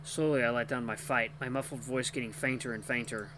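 A man's voice: mid-range voice, fairly even intonation, brisk, noisy background. A man hosting a gaming channel, reading a visual novel aloud expressively with occasional slips.

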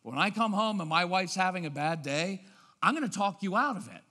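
A man giving a lively talk on parenting, often acting out parents' voices and checking with the audience. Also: high-pitched, fairly quick. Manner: lively, acts out parents' voices, keeps asking "right?". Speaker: parenting speaker. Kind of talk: animated seminar talk. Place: church auditorium. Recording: long reverb of a large hall.

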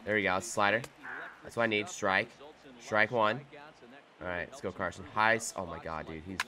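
A young man giving live gameplay commentary, muttering to himself one moment and shouting in excitement the next. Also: fairly low pitch, moderate pace. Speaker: gaming YouTuber.

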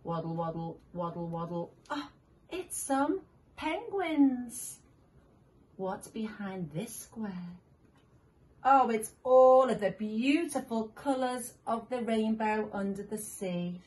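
A woman reading picture books aloud to young children, animated, making animal sounds and asking the listener questions. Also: a little high, slow pace. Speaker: children's story reader.

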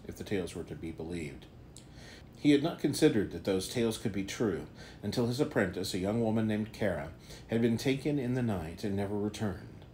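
Deep-voiced man narrating a fantasy tale. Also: mellow, a little hiss or hum. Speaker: author reading his own novella. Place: home during quarantine.

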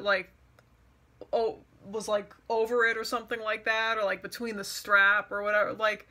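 A woman's voice: fairly high pitch, fairly even intonation, normal speed, bright, forceful tone. Exasperated young woman ranting sarcastically. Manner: exasperated, sarcastic, mocks others' words. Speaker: vlogger. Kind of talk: personal storytime rant.

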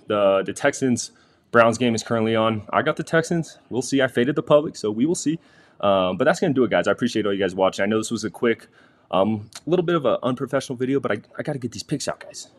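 A young man hosting a casual sports betting picks vlog from a quiet room in a busy house, chatty and talking straight to viewers. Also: medium pitch, lively intonation, fast. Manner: chatty, restarts sentences, addresses viewers directly.

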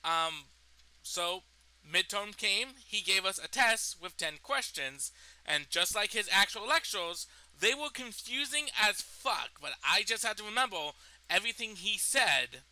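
A young man rambles through a personal story, swearing and restarting his sentences. His voice sits high and sounds very bright and sharp. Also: animated, unhurried, rough recording. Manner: rambling, profane, full of fillers and restarts. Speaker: storytime vlogger. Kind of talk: casual storytime.

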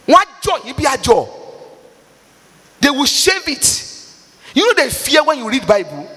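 A male preacher delivers a fervent sermon in a very high, bright voice. His pitch swings widely as he pleads, cries out and half-sings his prayers. The sound rings with long reverb, as in a large hall. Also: expressive, normal speed, pauses often, slightly rough. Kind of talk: impassioned sermon with Bible reading.

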